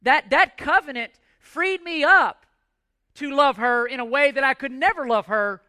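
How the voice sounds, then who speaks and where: Pastor, male, 40s, high bright voice, emphatic sermon delivery with rhetorical questions, dry close sound. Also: measured pace, no echo.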